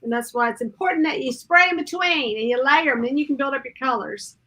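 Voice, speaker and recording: A woman's voice: high-pitched, quick pace, sharp tone. A woman chatting casually as a craft show host, rambling through a story and acting out the quotes. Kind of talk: casual chat.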